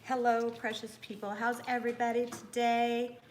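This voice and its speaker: A woman's voice: on the high side, flat delivery, moderate pace, noisy background. A woman hosting a casual beauty livestream, greeting viewers by name and speaking in an earnest, frustrated way. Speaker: beauty YouTuber livestream host.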